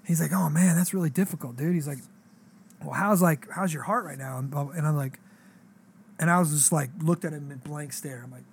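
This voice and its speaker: Brief: man, 30s, pastor, high voice, lively slangy storytelling. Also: brisk, creaky, slight background noise. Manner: animated, slangy, acts out quoted dialogue. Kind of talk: casual storytelling on a podcast.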